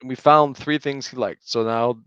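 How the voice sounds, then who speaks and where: A man in his thirties co-hosting a casual podcast, telling animated stories and laughing often. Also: mid-range voice, normal speed, smooth, no echo. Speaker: podcast co-host. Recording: dull, lo-fi dry sound.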